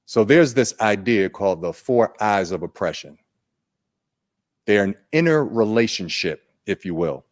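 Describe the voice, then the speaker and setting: Slow-talking man leading a training talk. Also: on the low side, lively intonation. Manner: unhurried, conversational, asks the audience questions. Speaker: presenter at a teachers' training day.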